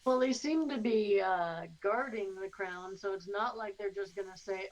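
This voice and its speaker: A woman's voice: mid-range voice, moderate pace, rough recording. A woman playing a tabletop game, thinking aloud and hedging with fillers as she weighs options. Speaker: player. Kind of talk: casual tabletop play.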